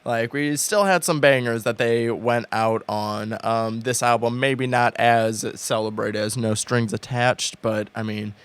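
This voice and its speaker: A man's voice: medium pitch, steady tone, unhurried, few pauses, smooth. A man in his late twenties co-hosting a podcast, rambling enthusiastically with lots of fillers and restarts. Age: late 20s. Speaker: podcast co-host. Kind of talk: casual chat. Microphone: podcast studio mic.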